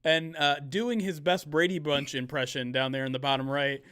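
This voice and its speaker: A man's voice: on the high side, fairly even intonation, fairly bright tone, smooth. Male streamer host, loose rambling delivery, video-call sound. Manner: rambling, filler-heavy, quick bursts. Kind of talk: live-stream casual chat.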